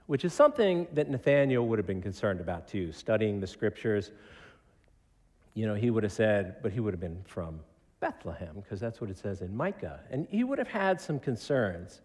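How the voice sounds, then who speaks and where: Chatty pastor preaching in an echoing church. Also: male voice, fairly low pitch, sing-song, normal speed, a little mellow. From Connecticut, United States. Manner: conversational, joking, acts out quotes. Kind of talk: sermon. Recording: reverberant church sanctuary.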